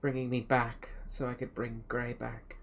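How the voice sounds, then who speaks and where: A man voicing a pious male adventurer, gentle and earnest, in a tabletop role-play, speaking in a measured, hesitant way. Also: medium pitch, completely flat delivery.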